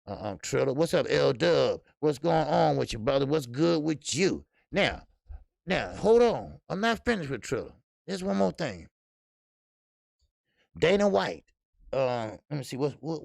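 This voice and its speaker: A man's voice: mid-range voice, creaky, no room sound, studio quality. A man hosting a live boxing talk stream, speaking in loose, profane slang and calling out to viewers in the chat. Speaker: boxing show host. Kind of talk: casual live-stream commentary.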